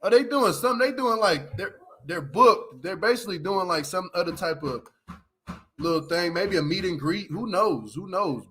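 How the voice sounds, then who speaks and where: A man's voice: high-pitched, expressive, moderate pace, pushed and bright. A man hosting a casual livestream, reviewing a reality show, laughing often as he retells scenes with lots of slang.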